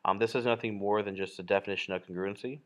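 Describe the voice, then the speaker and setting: A man's voice: fairly low pitch, steady tone, fast, a bit bright. A man teaching a geometry lesson while drawing, in a casual, explanatory way with frequent fillers and self-corrections. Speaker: math teacher.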